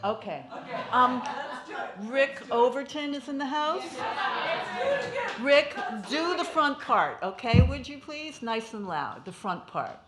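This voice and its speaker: Slow, animated woman in an echoey room. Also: high-pitched. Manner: animated, coaxes the audience, laughs often. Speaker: guest speaker at a memorial tribute. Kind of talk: playful audience participation. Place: small performance venue. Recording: echoey room with loud background noise.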